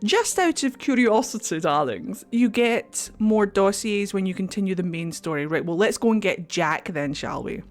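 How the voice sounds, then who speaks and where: A woman's voice: mid-range voice, moderate pace, few pauses, faint music behind. A Scottish woman streaming a video game, chatting casually with viewers, joking and swearing freely. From Scotland. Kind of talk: casual live-stream commentary.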